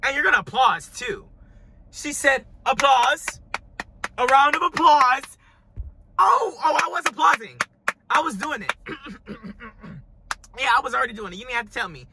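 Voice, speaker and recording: A man talking in a dramatic, gushing reaction vlog, his voice hoarse from screaming. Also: very high-pitched, animated, brisk, pauses often, noisy background. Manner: dramatic, gushing, over-the-top. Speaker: music reviewer.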